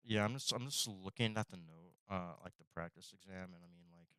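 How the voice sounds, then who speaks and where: Quiet, self-deprecating young man streamer. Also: low voice, a little fast, smooth, no echo. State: talking with a retainer in his mouth. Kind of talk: casual live-stream chatter while studying. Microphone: desk streaming microphone.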